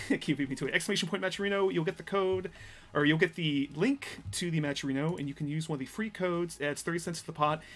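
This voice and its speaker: Hosting a fighting game tournament stream, this commentator speaks in a fairly bright, high-leaning voice. His live esports talk is rambling and chatty, broken up by frequent laughter.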